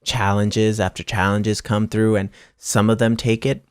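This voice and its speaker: A man's voice: fairly low pitch, level tone, unhurried, smooth, no echo, clean studio sound. A man hosting an astrology channel, giving a casual spiritual pep talk to viewers, emphatic and repetitive, with restarts and casual swearing.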